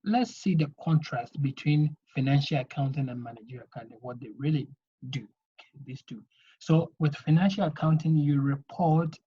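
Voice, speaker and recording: A man's voice: a little high, darkish tone, breathy edge. A man teaching an accounting lesson, explaining step by step and often checking in with "okay?". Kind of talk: video lesson lecture. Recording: dull lo-fi recording.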